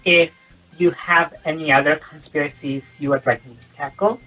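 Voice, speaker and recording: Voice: mid-range voice, steady tone, moderate pace. Rambling sarcastic comedy youtuber. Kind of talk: comedic monologue. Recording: tinny lo-fi sound with faint music.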